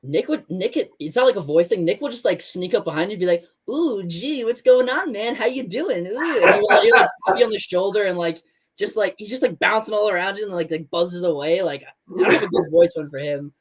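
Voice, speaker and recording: A young man, a former college basketball player, chatting as a guest in a relaxed way with many fillers. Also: high voice, fast. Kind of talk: casual interview chat.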